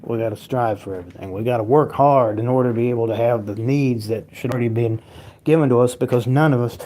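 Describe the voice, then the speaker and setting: A man's voice: mid-range voice, fast, dark tone. A man hosting a casual livestream at home, reading viewer comments aloud and rambling with lots of swearing and frequent laughter. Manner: profane, rambling, laughs often. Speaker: livestream host.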